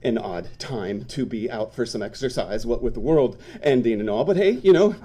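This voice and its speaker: A man, an author, giving a dramatic live reading of his own fiction in a frantic way, bursting into yells and laughter. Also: mid-range voice, expressive, moderate pace, slightly rough. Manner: frantic, breaks into yelling and laughter.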